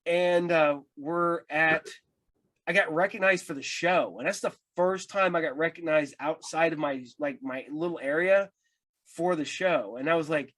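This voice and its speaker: Podcast host guy, rambly stories, kinda high voice. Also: moderate pace, fairly bright tone. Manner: rambling anecdotes with many restarts. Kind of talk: casual interview chat.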